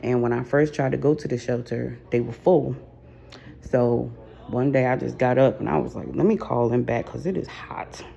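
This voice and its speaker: A tired woman talking to her camera in a casual personal vlog, low on energy, sighing often and speaking from the heart. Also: moderate pace, creaky, warm tone. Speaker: vlogger. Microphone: camera mic.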